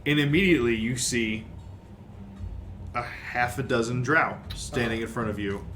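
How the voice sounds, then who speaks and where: A man's voice: mid-range voice, normal speed, fairly bright tone, a little hiss or hum. A man narrating as game master, laughing often and restarting his sentences.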